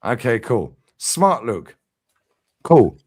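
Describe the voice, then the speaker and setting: Lively bantering man hosting. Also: medium pitch, very slow, no echo. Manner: loud, bantering, swearing, laughs often. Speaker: livestream host. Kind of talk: heated livestream fan debate.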